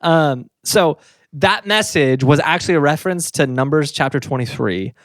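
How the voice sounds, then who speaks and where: A man's voice: fairly high pitch, lively intonation, normal speed, a bit bright, no room sound, clean studio sound. A man co-hosting a casual podcast, laughing often as he eagerly retells a story. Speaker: podcast co-host. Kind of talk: casual chat.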